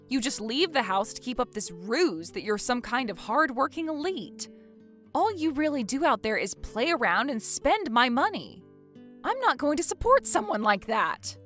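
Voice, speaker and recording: A woman's voice: high voice, a bit bright. A woman playing a fed-up, exasperated wife in a dramatized story, talking indignantly.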